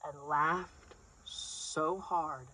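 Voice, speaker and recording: Husky woman telling stand-up stories. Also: low-pitched, drawn-out words, rough recording. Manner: animated, acts out scenes. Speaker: stand-up comic. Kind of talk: stand-up storytelling.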